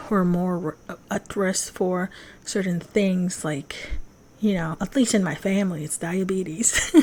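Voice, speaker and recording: A young woman hosting a podcast, chatting casually and self-deprecatingly with plenty of fillers. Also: medium pitch. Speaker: podcast host. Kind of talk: casual solo chat.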